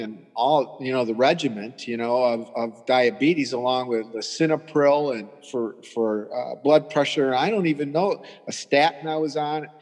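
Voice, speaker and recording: A man in his sixties telling his story as a patient guest in a halting, rambling way, often restarting. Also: mid-range voice, darkish tone, in a large hall. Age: 60s. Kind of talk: conversational storytelling.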